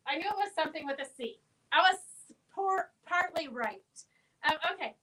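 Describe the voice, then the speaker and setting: A woman's voice: sits high, lively intonation, normal speed, sharp tone, poor audio. A woman hosting a casual live-stream fabric sale, chatting and answering viewers' comments as she goes.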